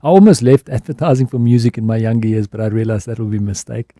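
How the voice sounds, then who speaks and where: A South African advertising executive, appearing as a guest on a radio interview, speaks reflectively and candidly, often restarting his phrases. His medium-pitched, dark voice moves quickly, captured dry and clean on a studio microphone in a radio studio.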